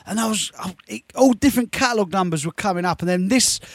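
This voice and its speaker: A man in his fifties hosting a radio show, chatting through shout-outs and stories in a slangy, storytelling way. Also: sits high, fast talker, dry recording, clean studio sound. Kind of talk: live radio show chat. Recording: faint music behind.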